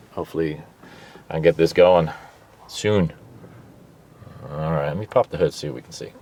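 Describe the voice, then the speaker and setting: A man vlogging casually and with profanity outdoors by a busy roadside, explaining car trouble into a handheld phone camera. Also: low-pitched. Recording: outdoor traffic noise.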